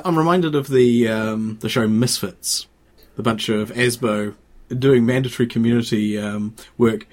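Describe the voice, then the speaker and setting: A man co-hosting a casual podcast chat, laughing often and rambling with fillers. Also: medium pitch. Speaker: podcast co-host.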